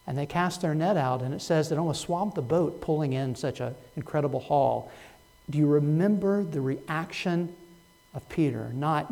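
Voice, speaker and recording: A man delivering a sermon in a slightly raised voice. He swings from hushed, reflective lines to loud, rising emphasis. He tells stories in a dry, humorous manner. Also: moderate pace. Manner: swings between soft low asides and loud rising emphasis. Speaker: pastor.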